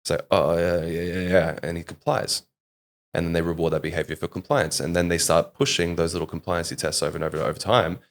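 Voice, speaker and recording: A man's voice: deep voice, fast, vocal fry. A man from Australia with an Australian accent, a public speaking coach telling stories in a casual podcast interview. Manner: animated storyteller, leans on "like" and "mate".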